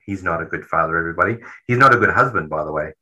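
A man's voice: sits low, lively intonation, rapid-fire, bright, forceful tone, low-quality recording. A man casually recapping a horror film with a co-host, rambling and swearing freely as he talks. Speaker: podcast co-host.

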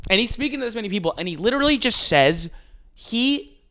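Male podcast co-host, bright lively voice, riffing, profane, does quick impressions. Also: high-pitched, slight background noise. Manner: animated, swearing, laughing, mimicking voices. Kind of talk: casual comedic podcast chat.

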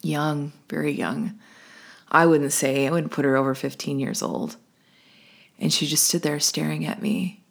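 Low-voiced woman telling a ghost story. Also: a little slow, vocal fry. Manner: animated retelling with laughs and quoted asides. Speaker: medium. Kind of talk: casual spoken storytelling.

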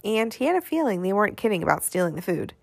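A woman's voice: mid-range voice, sing-song, fast, vocal fry, no room sound. A woman reading a children's novel aloud, her voice rising and falling with plenty of expression. The sound is close and completely dry, with no room in it at all. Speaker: reader.

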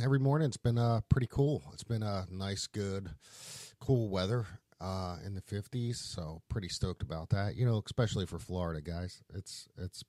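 A man's voice: fairly low pitch, darkish tone, no room sound. A man hosting a casual solo podcast, rambling in a laid-back way, often saying "man" and cursing. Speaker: podcast host.

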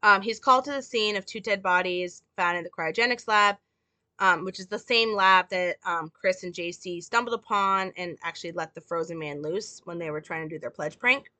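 A woman's voice: on the low side, moderate pace, bright, forceful tone, no echo. A woman casually reading and explaining a film script, with many fillers like "like" and "um". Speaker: presenter.

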